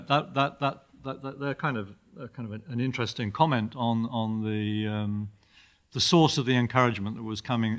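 An older man giving a university lecture, halting often with fillers and repeated words as he reads passages aloud. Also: mid-range voice, a bit bright.

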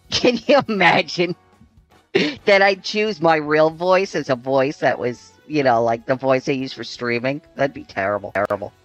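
A man's voice: fairly high pitch, a little slow, a bit bright, no echo, soft background music. A man on a voice call using a voice changer set to an elf princess voice, teasing and playful. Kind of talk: casual group chat.

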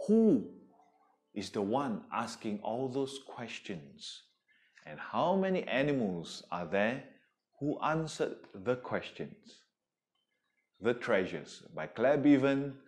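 A man's voice: medium pitch, darkish tone. A young man teaching poetry recitation, speaking expressively with big swings in his voice. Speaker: English teacher.

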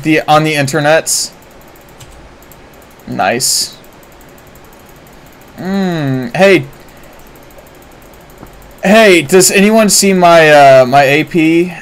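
A man with a somewhat high voice streams himself playing a game and comments as he goes. He speaks in an unhurried drawl between sudden excited shouts and curses. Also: a little hiss or hum, poor audio. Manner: excitable, swearing, bursts of shouting and laughter. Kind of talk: live gameplay commentary.

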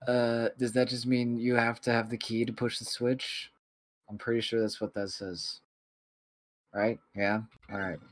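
Slow-talking laid-back gamer guy. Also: mid-range voice, level tone. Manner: laid-back, chuckling while playing. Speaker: gameplay streamer. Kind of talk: casual let's-play commentary.

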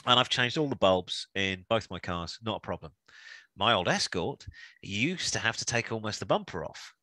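A man co-hosting a chatty car podcast, his pitch bouncing up and down as he jokes and rambles. His tone is bright and forward. The sound is dry and close. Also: lively intonation, moderate pace, no room sound. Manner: chatty, jokey, rambling with restarts. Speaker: podcast co-host. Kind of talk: casual chat.

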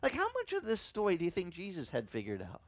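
Lively, animated man preaching. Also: sits high, fast, no room sound. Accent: Hawaiian. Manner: animated, acts out voices and asides to the congregation. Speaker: pastor. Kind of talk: sermon.

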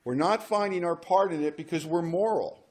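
A man's voice: fairly high pitch, moderate pace. A man leading a recovery workshop, talking casually with joking asides and reading passages aloud. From United States. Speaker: workshop speaker.

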